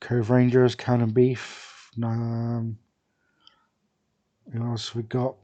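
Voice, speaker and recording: A young man casually commenting on a football management game, thinking aloud with many fillers and pauses. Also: mid-range voice, completely flat delivery, warm tone. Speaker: gaming video creator.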